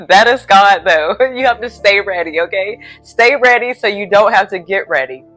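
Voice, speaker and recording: A woman's voice: medium pitch, expressive, normal speed, few pauses, fairly bright tone, soft background music. A woman preacher telling a personal faith story in a casual vlog from a hotel room, earnest and a little sleepy. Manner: earnest, faith-filled retelling.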